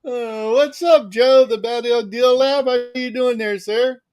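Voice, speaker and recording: High-voiced man greeting the chat. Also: fairly even intonation, unhurried, darkish tone, clear, resonant tone. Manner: cheerfully greets chat viewers by name. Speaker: livestream co-host. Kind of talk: casual livestream chat.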